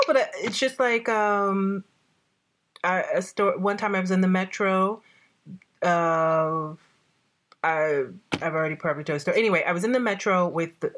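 Lower-voiced woman hosting a chat. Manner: storytelling, animated quotes, self-corrections. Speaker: host. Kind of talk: casual conversation.

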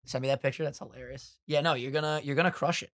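A young man co-hosting a podcast, casual and profane, quick with jokes and bits. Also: mid-range voice, fairly even intonation, a bit bright, no room sound, studio quality. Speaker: podcast co-host.

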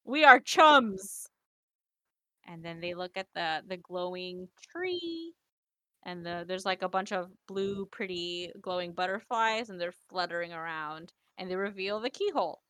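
A woman's voice: on the low side, moderate pace, fairly bright tone, clean tone, dry recording. A woman co-hosting a casual podcast, retelling a game scene in a playful, giggly way and swearing now and then. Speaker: podcast co-host.

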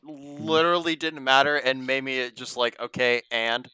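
A man's voice: medium pitch, little pitch movement, normal speed, crowd noise, poor audio. A man in casual podcast chat, dismissive and swearing freely. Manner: dismissive, profane.

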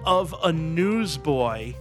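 A man's voice: a little high, animated, extremely slow, faint music behind. A man hosting a casual podcast chat and running the game, rambling and easygoing with frequent chuckles.

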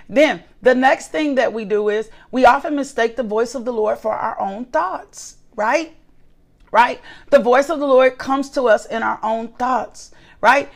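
Woman preacher, sermon delivery, gravelly fry, slightly high pitch, emphatic repetition. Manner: emphatic, repeats key phrases, asks "right?" often.

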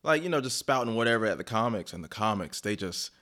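A man co-hosting a casual podcast, relaxed and agreeable, chiming in with quick yeahs and his own club memories. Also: lowish voice. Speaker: comedian, podcast co-host.

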